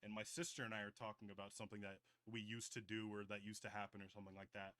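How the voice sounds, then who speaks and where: A man's voice: lowish voice, level tone, very fast, pushed and bright, no echo. A man in his twenties co-hosting a podcast, telling long rambling stories in casual chat, full of "like" and swearing. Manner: rambling storyteller, heavy "like" filler and swearing. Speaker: podcast host.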